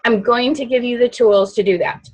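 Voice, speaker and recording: A loud, outgoing woman giving an animated coaching talk to a sales team. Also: on the high side, moderate pace, low-quality recording. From not from the Midwest.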